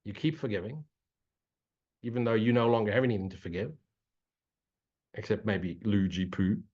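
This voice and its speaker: A man's voice: fairly low pitch, normal speed, darkish tone, muffled recording. A man teaching spiritual ideas in a Q&A talk, blunt and mocking, swearing freely and repeating his points like a preacher. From Africa. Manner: repetitive, preachy. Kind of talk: non-dual Q&A talk.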